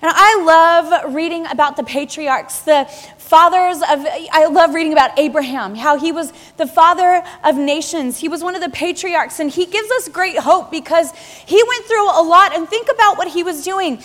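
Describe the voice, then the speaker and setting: A woman in her thirties preaching a sermon in a lively, conversational way, full of rhetorical questions and repetition. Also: very high-pitched, normal speed. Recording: long reverb of a large hall.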